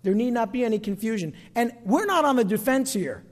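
A middle-aged pastor preaching in an emphatic style, leaning on phrases and drawing responses from his congregation. His voice sits very high for a man. The sound carries the long reverb of a church hall. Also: lively intonation, a little fast. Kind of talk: sermon. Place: church sanctuary.

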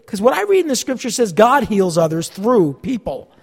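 A male pastor with a notably high voice delivers an earnest, conversational sermon. He doubles up on words as he thinks and chuckles between points, and his voice rings with the long reverb of a church sanctuary. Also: sing-song, normal speed, vocal fry, husky.

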